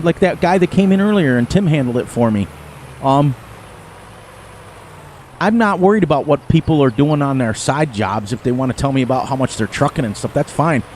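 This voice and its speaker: A middle-aged man chats to viewers during a live game stream, rambling in a folksy way and laughing often. His voice sits on the high side and is a little mellow, with a bit of hiss or hum in the recording.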